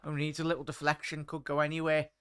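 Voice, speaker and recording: Bright, crisp-voiced Scouse lad hosting. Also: male voice, fairly high pitch, completely flat delivery, fast talker, dry recording, clean studio sound. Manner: chatty, laddish, reads chat aloud. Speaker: watchalong host. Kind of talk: live match commentary and chat.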